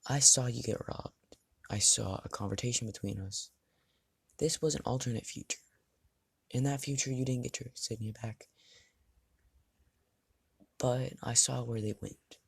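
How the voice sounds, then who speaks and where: A calm, self-assured young swordsman who wields ice magic, as a man storyteller puts him on. He speaks at a mid-range pitch, plainly and evenly. The sound is dry and close. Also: measured pace, gravelly, long pauses, husky, no room sound.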